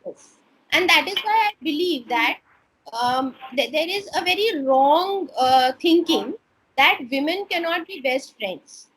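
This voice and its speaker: An Indian woman in her thirties, a stem cell researcher, talking earnestly in an interview with many pauses and fillers. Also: sits high, lively intonation, fairly bright tone, poor audio. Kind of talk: casual interview talk.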